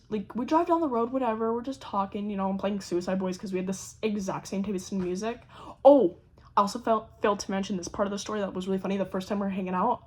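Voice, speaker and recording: A young woman with a husky, slightly breathy voice tells a story to her camera in a loose, chatty way. She is animated, swears freely and slips into quick impressions of the people in her tale. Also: medium pitch. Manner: animated, swears a lot, acts out quoted voices. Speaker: vlogger. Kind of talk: casual storytelling.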